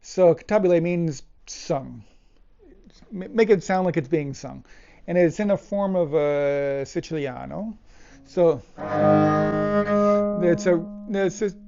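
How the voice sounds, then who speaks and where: Male cello teacher, casual and hesitant, somewhat high voice, muffled recording with loud cello behind. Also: unhurried, creaky, pauses often. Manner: thoughtful, hesitant, with fillers and restarts. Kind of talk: casual music lesson talk. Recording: dull lo-fi audio with loud cello playing. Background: loud cello music.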